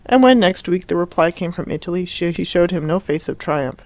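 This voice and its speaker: A woman narrating an audiobook in a measured, expressive reading voice. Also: lowish voice, no echo. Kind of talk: scripted narration.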